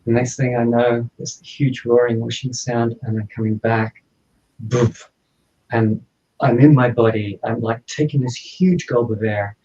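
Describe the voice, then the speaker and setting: A man, a podcast guest, telling a personal story in an animated way and acting out the dialogue. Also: mid-range voice, normal speed, slight background noise. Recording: slightly dull lo-fi audio.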